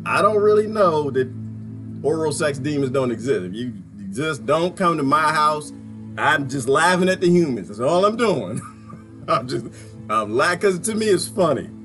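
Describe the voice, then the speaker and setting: Brief: mocking commentator, laughs constantly, lively rise and fall. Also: male voice, fairly high pitch, normal speed, music in the background. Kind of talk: reaction commentary.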